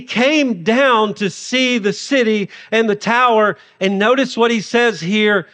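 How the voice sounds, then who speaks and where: Fields: Sex: man. Role: pastor. Pitch: high. Sound: long hall reverb. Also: takes it slowly, hardly any pauses. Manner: humorous, animated preaching. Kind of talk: sermon.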